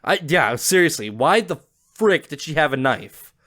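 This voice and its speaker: Game host, excitable and reactive, swears, voice sits a bit high. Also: male voice, moderate pace. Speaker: let's play host. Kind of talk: reading a game aloud with reactions.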